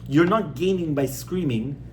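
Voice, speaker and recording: A man's voice: a little high, measured pace, a little mellow. A male rabbi giving an informal class on parenting, conversational, repeating his points and asking the audience questions.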